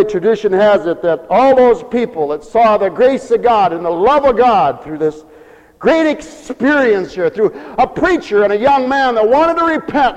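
A man preaching a storytelling sermon with animated, emphatic delivery. His voice sits very high. A long hall reverb hangs after each phrase.

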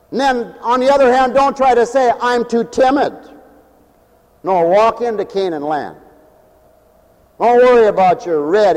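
A male preacher delivering an animated, joking sermon, swinging between loud calls and hushed asides. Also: very high-pitched. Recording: long hall reverb.

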